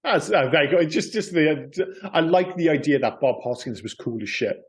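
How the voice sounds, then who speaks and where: A man in casual podcast chat about films. His voice sits a little high for a man. He jokes, swears freely and breaks into laughter often. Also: lively intonation, normal speed. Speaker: podcast co-host.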